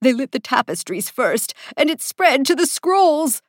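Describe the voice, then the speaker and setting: A woman's voice: very animated, measured pace, dry recording, clean studio sound. A woman voicing an anxious male spider plant assistant, panicky and urgent. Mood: panicked. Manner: panicky, urgent, high-pitched.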